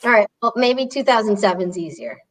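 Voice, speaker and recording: A woman co-hosting a casual sports chat, blunt and fast, swearing freely. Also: medium pitch, expressive, poor audio. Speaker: podcast co-host.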